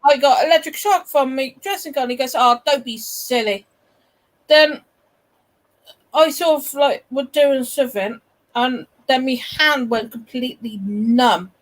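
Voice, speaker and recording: A woman's voice: sits high, unhurried, rough recording. A woman chatting casually with the host, stumbling and repeating words as she tells her own story. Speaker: guest. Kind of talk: casual chat.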